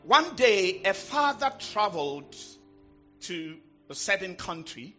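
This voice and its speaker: High lively-voiced preacher telling a story. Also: male voice, slow pace, faint music behind. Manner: vivid story-telling, rising to loud excited peaks. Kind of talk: sermon storytelling with interpreter.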